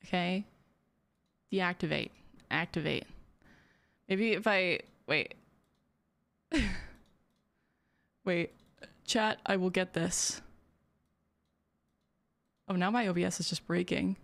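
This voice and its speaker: A woman's voice: fairly low pitch, takes it slowly, gravelly, pauses often, a bit bright. A young woman streamer chatting casually with her viewers, giggly and full of "like" fillers. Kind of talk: casual live-stream chat.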